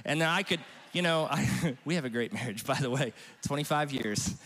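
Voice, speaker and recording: A man's voice: medium pitch, normal speed, fairly bright tone. A middle-aged male pastor preaching a humorous, conversational sermon, teasing himself and chatting with the congregation. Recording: long reverb of a large hall.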